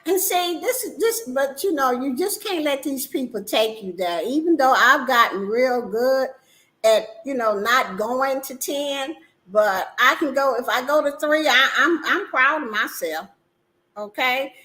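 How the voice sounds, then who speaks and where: High bright animated woman host. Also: a little slow, poor audio. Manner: animated, emphatic, laughs often. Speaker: livestream host. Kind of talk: casual livestream talk show.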